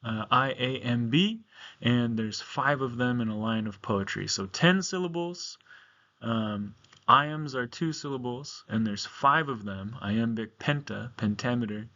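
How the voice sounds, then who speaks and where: A male teacher talks through a lesson on video in a relaxed, conversational way, full of fillers and check-ins. His voice sits at an ordinary middle pitch. The recording is a little muffled and lo-fi, like a computer mic. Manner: casual, talkative, many ums and okays. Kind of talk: recorded classroom lecture.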